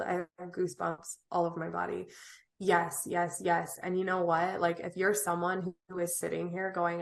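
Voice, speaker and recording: A woman's voice: lowish voice, flat delivery, moderate pace, vocal fry. Emphatic motivational woman on a podcast. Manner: emphatic, motivational, swears casually. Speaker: guest, event organizer. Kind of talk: casual podcast interview.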